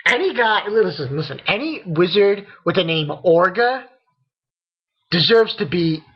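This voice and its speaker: A man giving a casual, rambling spoken manga review, excitable and full of fillers. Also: high voice, measured pace, husky. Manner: rambling, excitable, lots of fillers and quoted character lines. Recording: dull lo-fi recording.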